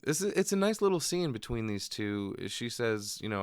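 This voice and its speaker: A man's voice: mid-range voice, sing-song, moderate pace, clean tone, no room sound, clean studio sound. A young man casually recapping a horror movie for a podcast, swearing freely and acting out lines from the film. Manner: profane, laughing, acts out quotes from the film. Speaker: podcast co-host.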